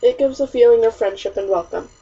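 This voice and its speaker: A woman's voice: fairly high pitch, fast talker, breathy edge. A woman reading as a soothing colonial woman. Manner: gentle, soothing. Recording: distant, muffled audiobook recording.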